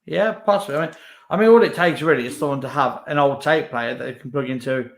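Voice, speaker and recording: A man's voice: medium pitch, fast talker, gravelly. Chatty young man. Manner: chatty, lots of fillers. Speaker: co-host. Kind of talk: casual chat.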